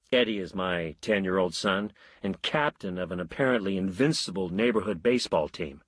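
A middle-aged man reading a short story aloud in a measured, wry storytelling manner. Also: low-pitched, fairly bright tone, breathy edge, no echo. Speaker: narrator. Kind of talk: audiobook narration of a short story.

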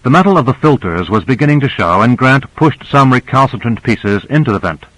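A man narrating an audiobook in a steady, measured reading. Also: mid-range voice, no room sound, rough recording.

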